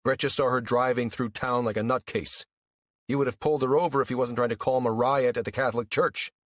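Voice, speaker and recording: A man's voice: medium pitch, steady tone, brisk, dry recording, clean studio sound, close to an everyday voice. A man narrating an audiobook voices a harried small-town police officer, clipped, impatient and firm. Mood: curt.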